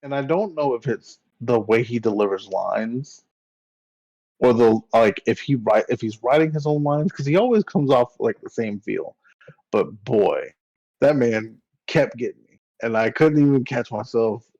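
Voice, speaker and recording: A man's voice: mid-range voice, expressive, unhurried, a little mellow, dry recording, lo-fi sound. A laid-back man co-hosting a casual movie chat, swearing freely. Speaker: podcast co-host.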